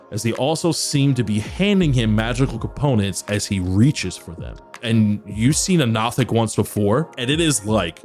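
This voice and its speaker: Casual man narrating a tabletop game. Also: medium pitch. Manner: casual, rambling descriptions with fillers. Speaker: dungeon master.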